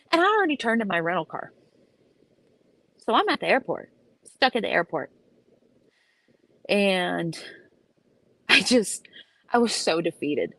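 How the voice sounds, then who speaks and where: Profane animated woman telling a story. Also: mid-range voice, creaky, no echo. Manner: animated, profane, emphatic retelling. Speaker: vlogger. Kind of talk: casual storytelling chat.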